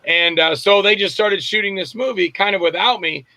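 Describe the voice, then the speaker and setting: Older man telling animated stories. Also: high-pitched, moderate pace, creaky, no echo. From Florida, US. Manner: rambling storyteller acting out quotes. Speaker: guest actor and filmmaker. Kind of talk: casual anecdotal interview.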